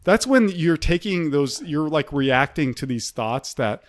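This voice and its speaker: A man's voice: a little high, expressive, a little slow, no room sound, studio quality. Rambling, swearing comedian man. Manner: rambling, swears freely, many restarts. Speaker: comedian, podcast co-host. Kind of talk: casual podcast banter.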